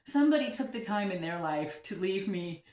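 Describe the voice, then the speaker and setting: A woman's voice: medium pitch, expressive, normal speed, a little mellow. Chatty, giggly woman in an echoey room. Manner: chatty, giggly, self-deprecating. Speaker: orchid vlogger. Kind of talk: casual vlog chat. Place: home room with orchids.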